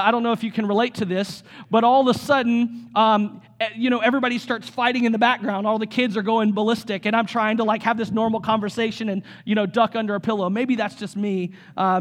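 Male pastor, middle-aged, high voice, chatty sermon delivery with restarts. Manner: conversational, with frequent restarts and asides.

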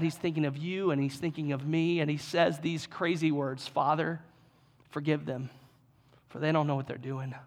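A man's voice: high voice, a bit bright. A man preaching a sermon in an earnest, conversational way, repeating phrases for emphasis. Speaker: pastor.

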